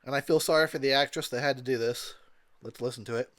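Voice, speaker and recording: A man's voice: mid-range voice, fast talker, a bit bright, no room sound, clean studio sound. A tipsy man giving rambling, crude commentary over a movie, laughing often. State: tipsy from drinking. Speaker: commentary host.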